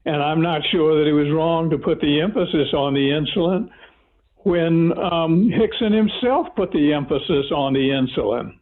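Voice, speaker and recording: A man's voice: a little high, normal speed. A man serving as appellate judge, questioning counsel skeptically with some fillers. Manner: skeptical, pushes back with fillers. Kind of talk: questioning counsel in oral argument. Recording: tinny phone line.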